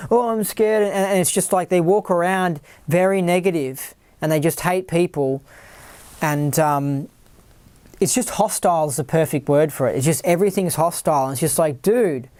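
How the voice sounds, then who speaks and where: A podcast host rambles through a casual solo talk, stumbling over repeated words and leaning on fillers. The voice sits at an everyday middle pitch. The recording is dry and close, with almost no room sound. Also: darkish tone, no room sound. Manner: acts out other people's worried voices in a higher tone. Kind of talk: casual monologue.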